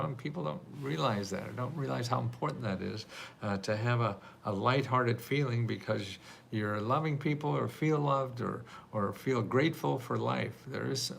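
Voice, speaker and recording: Older man, very gravelly voice, rambling and chatty, laughs a lot, live stream host, faint background noise. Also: medium pitch, moderate pace. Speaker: livestream host answering viewer questions about grants. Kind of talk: casual live Q&A.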